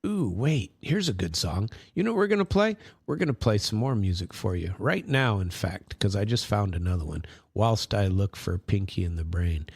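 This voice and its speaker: A man hosts casual political commentary, rambling and circling back with sarcastic asides. His voice sits fairly low. The recording is dry, with no room sound. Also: lively intonation, normal speed, hardly any pauses, a little mellow, husky, no echo. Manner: rambling, many fillers and restarts, sarcastic asides. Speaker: host.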